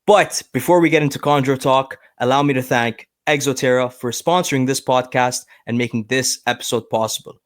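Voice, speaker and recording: A man's voice: mid-range voice, steady tone, a little fast, hardly any pauses, no room sound, studio quality. A man hosting a podcast who gives an upbeat, friendly introduction and then interviews his guest. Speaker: podcast host.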